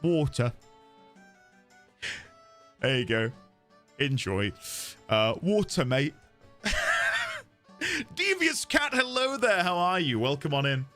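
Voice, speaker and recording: A man's voice: a little high, wildly swooping pitch, slow pace, long pauses, bright, forceful tone, soft background music. Chatty man streaming a game. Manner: chatty, playful, laughs often, reads chat aloud. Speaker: livestreaming gamer. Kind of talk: casual live-stream chat.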